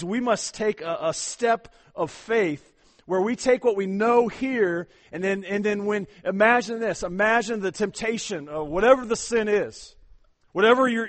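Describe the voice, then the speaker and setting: A high-pitched man preaches a sermon as pastor, emphatically urging his congregation on and frequently repeating words as he goes.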